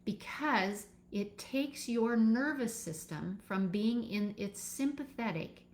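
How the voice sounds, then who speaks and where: In a live session, a birth educator with a slightly high voice teaches calmly and instructively, guiding listeners step by step with pauses.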